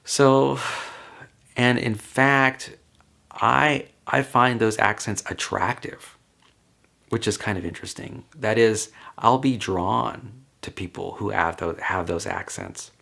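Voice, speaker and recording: A man's voice: on the low side, slow, gravelly, bright, forceful tone. A man talking casually on his own, answering questions in a rambling, chatty way with light laughs. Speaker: vlogger.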